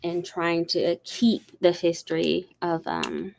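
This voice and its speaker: A woman's voice: lowish voice, very animated, slow, vocal fry, darkish tone, slight background noise. A woman hosting a livestream, chatting casually and rambling through a story with lots of fillers. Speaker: host. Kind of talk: casual chat.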